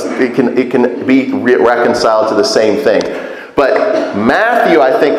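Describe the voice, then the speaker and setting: Male pastor, conversational sermon, long room echo. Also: mid-range voice. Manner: conversational, animated, asks the congregation questions.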